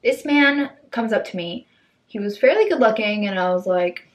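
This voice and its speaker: A young woman vlogging, telling funny stories in a chatty, animated way and acting out the people in them. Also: medium pitch, normal speed. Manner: chatty, animated, acts out voices in quotes. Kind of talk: casual storytelling.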